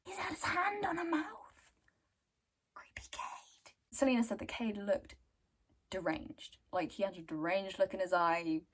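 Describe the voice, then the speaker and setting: A woman's voice: medium pitch, normal speed. A young woman casually retelling a book's story, chatty and giggly. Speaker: book reviewer.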